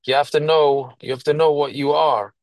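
A man's voice: fairly high pitch, steady tone, normal speed, dry recording, rough recording. Man teaching text, dry close sound. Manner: reads Hebrew phrases then explains in English, with restarts. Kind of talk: reading and translating a Hebrew text line by line.

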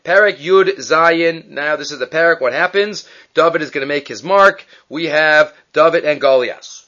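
A man teaching a class, telling a story in an animated way, quick and full of restarts and self-corrections. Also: fairly high pitch. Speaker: Torah teacher. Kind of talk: lively storytelling lecture. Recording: dull lo-fi recording.

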